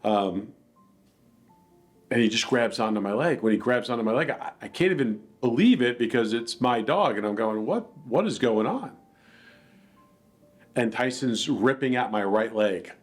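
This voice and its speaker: A man's voice: medium pitch, moderate pace, faint music behind. A man earnestly telling a personal account in a plainspoken, reflective way. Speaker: dog attack victim telling his story.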